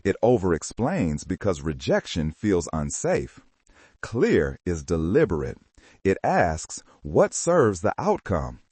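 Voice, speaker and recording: A man's voice: low voice, huge pitch swings, slow, a little mellow, husky, no room sound. A man giving a scripted motivational narration with dramatic, emphatic delivery.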